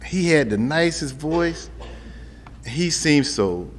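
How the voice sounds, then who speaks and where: A man's voice: fairly high pitch, animated, slow. Middle-aged man telling his story in a reverberant hall. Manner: conversational, humorous, addresses the crowd directly. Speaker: speaker sharing a recovery story. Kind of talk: storytelling talk to an audience. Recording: long hall reverb, faint ambient noise.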